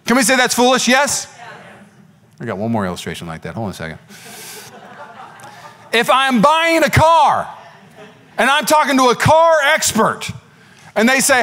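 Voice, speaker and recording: A man who is a pastor, preaching an energetic sermon that swings from loud exclamations to quiet asides. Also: extremely high pitch, moderate pace, long pauses. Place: church.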